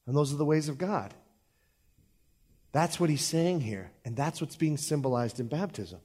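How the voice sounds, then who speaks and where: Casual pastor preaching in a reverberant hall. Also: male voice, a little high, moderate pace, a little mellow, slightly rough. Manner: conversational preaching with playful asides. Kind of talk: sermon. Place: church service.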